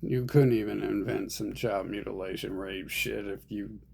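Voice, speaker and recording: Gravelly, husky man ranting profanely. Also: fairly low pitch, steady tone, normal speed, a little mellow. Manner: profane, agitated, rambling. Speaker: online commentator. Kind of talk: rambling ranting monologue.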